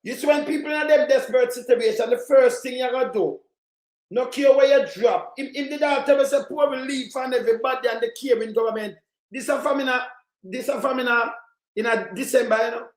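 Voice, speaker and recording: A Jamaican man in heated live commentary, ranting and shouting in patois, circling back to the same complaints. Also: very high voice, brisk, reverberant. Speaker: livestream commentator.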